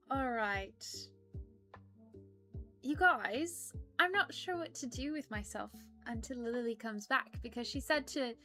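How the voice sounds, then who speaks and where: A woman's voice: on the high side, sharp tone, full character voice. A woman voicing a prim, polite persona who reads live-stream chat aloud and apologizes often. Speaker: stream co-host reading chat.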